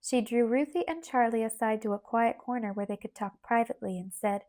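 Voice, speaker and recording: Female audiobook narrator, warm and mellow, expressive children's storytelling. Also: fairly high pitch, brisk, few pauses. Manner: expressive, lilting reading.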